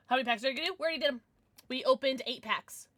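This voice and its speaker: A woman's voice: high-pitched, fairly bright tone, no room sound. A young adult woman streaming from home, chatting casually and gushing at her chat with sudden squeals.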